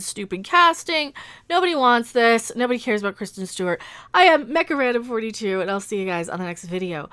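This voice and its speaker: High, lively, indignant woman vlogger. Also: a little fast, smooth, no room sound. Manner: indignant, sarcastic, emphatic. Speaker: vlogger, commentator. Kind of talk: ranting commentary vlog.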